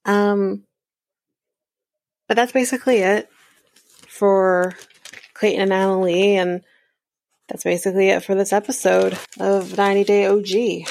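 Chatty woman with a gravelly voice. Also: medium pitch, fairly even intonation, measured pace, long pauses, darkish tone. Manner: chatty, rambling, many fillers and asides. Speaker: podcast host recapping a reality show. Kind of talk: casual recap chat.

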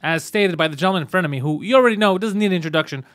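A man's voice: high-pitched, very fast, fairly bright tone, dry recording. A man co-hosting a comedy podcast, teasing his guests in crude, casual banter. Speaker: podcast co-host.

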